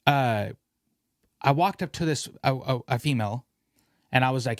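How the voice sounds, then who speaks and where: A young man hosting a casual podcast, ranting in an animated way and swearing freely. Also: medium pitch, normal speed, long pauses, no room sound, clean studio sound. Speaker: podcast host.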